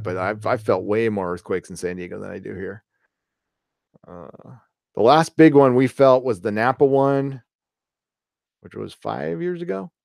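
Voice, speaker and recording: A man's voice: on the low side, creaky, no echo, clean studio sound. A middle-aged man hosting a casual live stream, rambling through stories with profanity and laughing as he reads chat. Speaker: host reading live chat.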